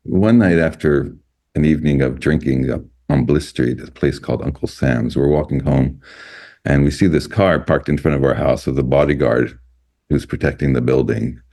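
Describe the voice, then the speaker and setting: Deep gravelly man in his sixties. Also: normal speed. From United States. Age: 60s. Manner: animated, laughing anecdotes, many fillers. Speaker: guest photojournalist. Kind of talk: casual storytelling.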